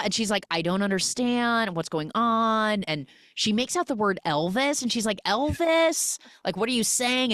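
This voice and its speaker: A woman hosting a podcast, retelling a film's plot in a casual, animated way and acting out the characters' lines in quick quoted voices. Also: mid-range voice, no room sound, studio quality. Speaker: podcast host recapping a film.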